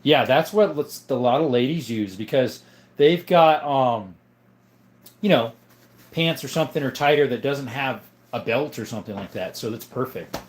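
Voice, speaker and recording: A man hosting a casual livestream, chatting in a relaxed, rambling way and answering viewers. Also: mid-range voice, normal speed. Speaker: livestream host.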